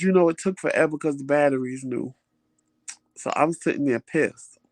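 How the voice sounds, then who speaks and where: A man hosting a vlog, telling a story in a dramatic, profane, animated way, his voice going hoarse. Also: a little high, no room sound. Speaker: vlog host. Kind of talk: casual storytelling chat.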